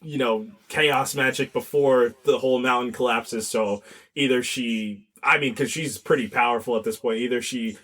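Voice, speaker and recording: A man's voice: medium pitch, steady tone, a bit bright. A man co-hosting a podcast, chatting eagerly about a film and chiming in with asides. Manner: eager, chimes in with frequent mm-hmms and quick asides. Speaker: podcast co-host. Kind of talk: casual movie review chat.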